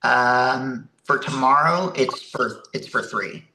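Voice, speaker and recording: Hesitant young man, bright and roomy. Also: mid-range voice, slow. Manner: hesitant, agreeable, short replies. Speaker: coaching client. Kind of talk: casual chat.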